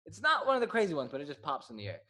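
A man's voice: a little high, huge pitch swings, rapid-fire, pushed and bright. A man hosting a casual sports podcast, easygoing and joking. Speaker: podcast host.

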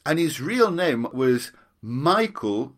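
A man's voice: medium pitch, expressive, moderate pace, a bit bright. A middle-aged man hosting a podcast interview, chatting casually and joking like a quizmaster. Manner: jokey, self-deprecating quizmaster. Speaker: podcast host.

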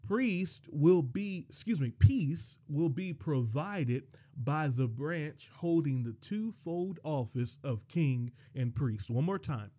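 A man preaching a sermon, slowing down for quoted verses and repeating lines for emphasis. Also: on the high side, animated. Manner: dramatic pauses and slowed quotations, building to shouting; repeats and rereads phrases for emphasis.

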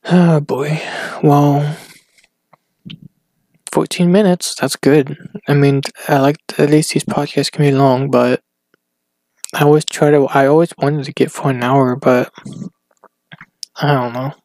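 Halting, gravelly-voiced man podcasting solo. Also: fairly high pitch, flat delivery, a little mellow, no room sound. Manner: hesitant, halting, full of restarts and fillers. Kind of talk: rambling casual monologue. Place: at home.

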